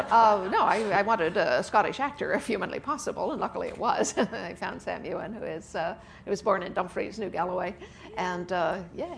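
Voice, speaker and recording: At a book festival event with an audience, a woman author is interviewed on stage, talking chattily with frequent laughs and "uh" fillers. Her voice is lowish and creaky at a moderate pace, and the background is noisy.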